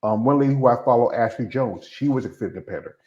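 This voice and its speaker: A man's voice: mid-range voice, fast talker, warm tone. A man hosting an interview, chatting casually and rambling, with many fillers and restarts. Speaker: interview host. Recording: dull lo-fi sound.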